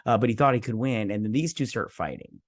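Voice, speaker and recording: A man with a fairly low voice talks through a TV episode in a loose, rambling recap, full of fillers and offhand swearing. The sound is dry and close, with no room around it. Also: animated, fast, no echo. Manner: rambling, chatty, with frequent fillers and mild swearing. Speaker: show host reviewing a TV episode. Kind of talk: casual episode recap and review.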